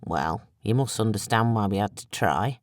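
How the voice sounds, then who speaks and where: A narrator voicing a calm, quiet man. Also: mid-range voice, no echo, studio quality, voice pushed down, close to an everyday voice. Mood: measured. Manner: quiet, measured, sympathetic. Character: calm, compassionate man under pressure. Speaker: audiobook narrator voicing a character.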